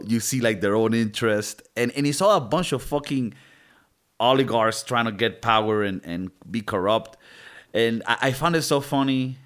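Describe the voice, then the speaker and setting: A man's voice: fairly low pitch, fairly bright tone, clear, resonant tone. Casual male podcast co-host, loose and profane. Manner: casual, swears freely, restarts. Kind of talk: casual movie review chat.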